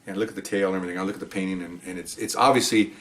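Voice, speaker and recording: A man's voice: low-pitched, steady tone, racing. An older man, a police officer, telling rambling stories in casual chat and often checking in with "okay?". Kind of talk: casual storytelling.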